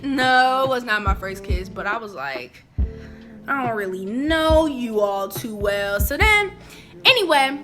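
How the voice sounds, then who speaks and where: A young woman telling a personal story in a casual, animated, chatty way. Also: sits high, a little slow, faint music behind. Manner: animated, chatty, jumping into quoted voices. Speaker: vlogger.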